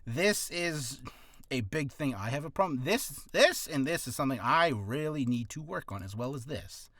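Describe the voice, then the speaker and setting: Man, aspiring voice actor, casual rambling tips, self-deprecating, bright tense tone. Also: medium pitch, expressive, no echo. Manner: rambling, self-deprecating, breaks into quick voice demos. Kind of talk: casual talk explaining voice acting tips.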